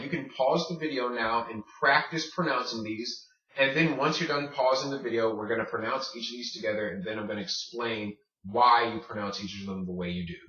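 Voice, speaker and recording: A man teaching a recorded Spanish pronunciation lesson, saying words slowly and repeating them. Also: medium pitch, pushed and bright. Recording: echoey room, distant dull mic.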